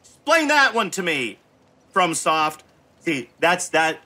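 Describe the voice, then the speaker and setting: A man's voice: high voice, huge pitch swings, slow pace, pushed and bright, a little hiss or hum. Profane, exasperated man in his fifties. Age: 50s. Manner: profane, exasperated, scolds the game aloud. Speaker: gaming channel host. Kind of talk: gameplay commentary.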